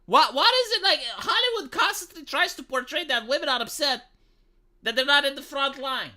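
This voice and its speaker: A man's voice: extremely high pitch, lively intonation, fairly quick, bright, forceful tone. A man from Romania, ranting profanely and sarcastically on a live stream about a film.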